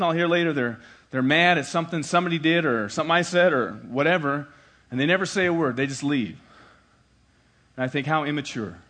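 A pastor with a fairly high male voice preaches to his church in a talky, conversational way. He drives his points home by repeating short lines. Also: a bit bright. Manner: conversational preaching with emphatic repetition. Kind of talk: sermon.

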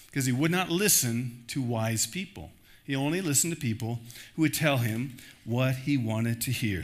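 A man pastor preaching a sermon in an animated way, acting out the voices he quotes. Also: medium pitch.

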